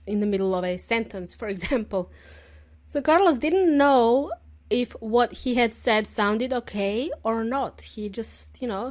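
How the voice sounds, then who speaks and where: A woman teaches English on her podcast. Her voice sits a little on the high side, and she speaks in a friendly, patient way. She laughs easily and keeps asking the listener "okay?". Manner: friendly, explains slowly and spells out words; laughs often, says okay often.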